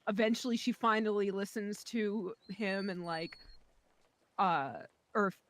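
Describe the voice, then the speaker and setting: A woman's voice: mid-range voice, measured pace, slight background noise. A woman on a voice call telling a rambling story from home, full of fillers and asides. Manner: rambling, many fillers and likes. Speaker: friend on voice chat. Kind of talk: casual storytelling.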